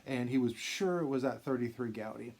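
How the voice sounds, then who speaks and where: This channel host, a collector of vintage cards, shares a drawn-out personal tale in a relaxed style, stumbling over restarts and filler words. His medium-pitched voice is slightly mellow and fairly quick.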